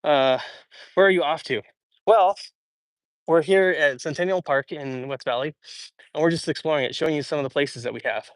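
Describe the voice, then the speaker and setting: This is a young man from Idaho, hot and sweaty as he hosts a casual walk-and-talk livestream outdoors in a large public park, reading and answering chat. He's chatty and rambling, with lots of fillers and restarts. His voice is fairly high and his pace moderate with long pauses, all on a dry recording.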